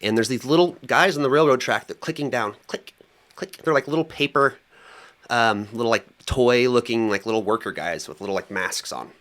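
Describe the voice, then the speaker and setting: A young man co-hosting a podcast, telling a story in a lively, colloquial way with lots of fillers. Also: mid-range voice, a little fast. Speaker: podcast co-host. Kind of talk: casual chat.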